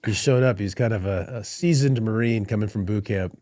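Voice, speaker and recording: A middle-aged man with a slightly low voice tells military stories with animated energy, laughing as the punchlines land. He is recorded close on a dry, deadened podcast microphone. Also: brisk, no echo. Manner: animated storyteller, laughs through anecdotes. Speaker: Marine colonel guest. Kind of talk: storytelling in podcast conversation.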